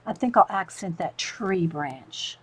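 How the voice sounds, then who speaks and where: Woman quietly talking thru a painting demo, half whispering to herself, faint hiss. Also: on the low side, expressive, slow. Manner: soft, murmured self-talk while painting, often near a whisper. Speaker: mixed media artist. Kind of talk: painting demonstration.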